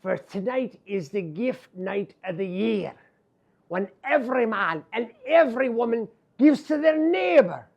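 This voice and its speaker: A knowing little fairy man with an Irish lilt explains gently and softly, as an Irish storyteller puts him on. He sounds patient and kindly, like a fairy in a spoken storybook. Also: very high-pitched, animated, a little slow, vocal fry, muffled recording, exaggerated voice. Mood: explaining.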